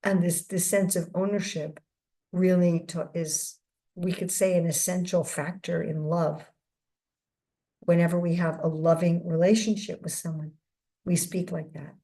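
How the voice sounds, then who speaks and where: A woman delivering a devotional lecture in a mellow, rather low voice. She speaks in a measured, reflective way and often circles back to restart a phrase. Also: fairly even intonation. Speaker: guest speaker giving a scripture class.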